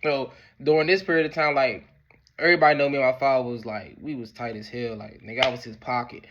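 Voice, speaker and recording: A man's voice: fairly even intonation, quick pace, muffled recording, noisy background. A man telling a personal story in casual, slangy speech, with lots of fillers. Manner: slangy, laid-back, peppered with "boom" and "whatever the case may be".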